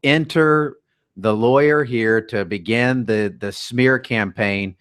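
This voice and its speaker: A man's voice: medium pitch, slow, a bit bright, smooth. A man co-hosting sports talk radio, giving rambling opinions with many restarts.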